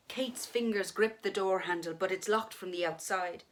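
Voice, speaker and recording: A woman's voice: fairly low pitch, normal speed, hardly any pauses. Woman reading a spooky tale. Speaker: storyteller. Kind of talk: dramatic story reading.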